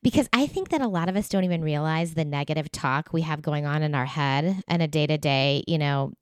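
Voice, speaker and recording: A woman hosting a podcast interview, encouraging and affirming her guest, often pausing with "um" and "you know.". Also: low-pitched, smooth, dry recording, studio quality. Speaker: podcast host. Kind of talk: conversational interview.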